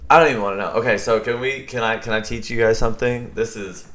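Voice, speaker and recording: Laid-back, profane young podcast host. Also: male voice, mid-range voice, fairly even intonation, quick pace, fairly bright tone. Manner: loose, profane, laughs often. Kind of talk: casual podcast chat.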